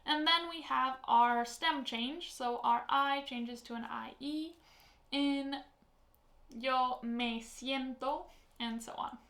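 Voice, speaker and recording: A woman teaching a Spanish lesson, explaining slowly and patiently, with spoken example phrases. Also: high-pitched, fairly bright tone, echoey room. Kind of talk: online language lesson.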